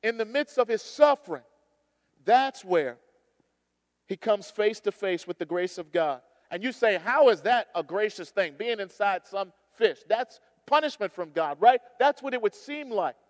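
A man preaching a sermon as pastor, moving between loud emphasis and hushed storytelling. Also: high voice, expressive, unhurried, in a large hall. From United States. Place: church sanctuary.

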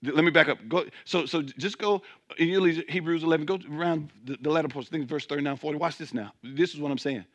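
A man's voice: a little high, quick pace. A man preaching a sermon as pastor, emphatic, repeating words as he restarts and calling out to his listeners. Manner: calls out to the congregation.

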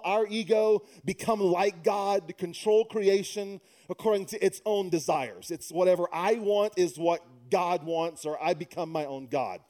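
High, mellow-voiced male pastor preaching. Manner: humorous, conversational, builds to emphatic preaching. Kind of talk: sermon.

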